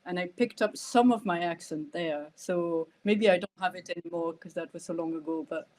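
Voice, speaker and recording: A middle-aged woman from France with a French accent touched by an Irish lilt, talking slowly and hesitantly with many fillers in a podcast interview. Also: lowish voice, darkish tone. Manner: hesitant, searching for words, frequent fillers and laughter. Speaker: guest, nonviolent communication trainer.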